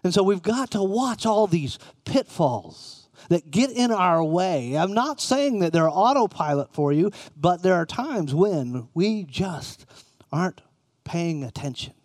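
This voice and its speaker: A man's voice: high voice, very animated, unhurried, darkish tone, dry recording, studio quality. A middle-aged man preaching a conversational sermon, often putting questions to his listeners. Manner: conversational, asks the room questions.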